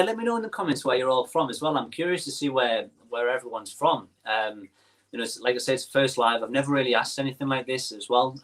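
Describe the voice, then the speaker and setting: A man's voice: mid-range voice, a bit bright. A young man with a Teesside accent, hosting a casual livestream and chatting while he reads viewer comments aloud, with lots of ums and restarts. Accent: Teesside English. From northeast England. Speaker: livestream host.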